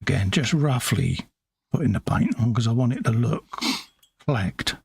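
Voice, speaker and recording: Gravelly bloke, matey banter. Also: male voice, mid-range voice, big pitch swings, a little slow, darkish tone, dry recording, studio quality. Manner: chatty, matey banter, says "mate" constantly. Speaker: co-host. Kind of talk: casual live-stream chat while painting miniatures.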